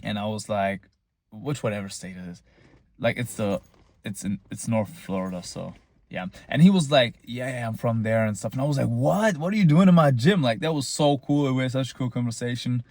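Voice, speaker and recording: A man's voice: medium pitch, a little fast, darkish tone, dry recording. Boastful young man, rambling. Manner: boastful, rambling, tongue-in-cheek self-praise. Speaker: vlogger. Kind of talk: casual monologue.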